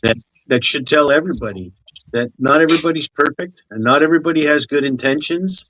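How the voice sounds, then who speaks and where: A man co-hosting a casual talk show, commenting in a measured, hesitant way. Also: a little high, sharp tone, rough recording. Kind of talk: casual chat.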